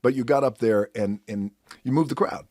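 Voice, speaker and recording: A man's voice: medium pitch, normal speed, darkish tone, no room sound, studio quality. A man in a podcast conversation, leading with encouraging questions. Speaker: guest asking questions.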